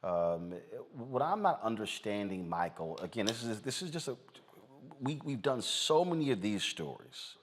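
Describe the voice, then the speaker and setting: Man, news host, low voice, emphatic, filler-heavy commentary. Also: very animated, moderate pace, a little hiss or hum. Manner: direct, emphatic, with many fillers.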